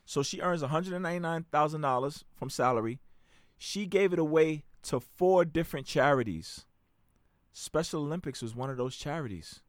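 A young man hosting his own podcast, talking in a casual, animated way with slang and frequent restarts. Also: fairly high pitch, normal speed, no echo, clean studio sound. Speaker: podcast host.

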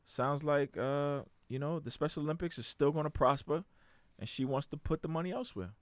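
A young man hosting his own podcast, talking in a casual, animated way with slang and frequent restarts. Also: fairly high pitch, brisk, no room sound. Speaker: podcast host.

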